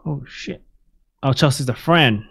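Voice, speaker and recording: Male gameplay commentator, mid-pitched and casual, reads text messages aloud and reacts with curses and chuckles. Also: unhurried, a bit bright, husky. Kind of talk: casual let's play commentary.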